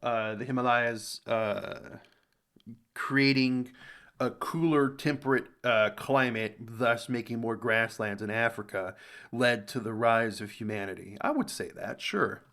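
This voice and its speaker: An American man hosting a reaction video, thinking aloud in casual commentary, rambling and jumping into sudden high exclamations. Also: unhurried. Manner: rambling, thinks aloud, animated jumps in pitch.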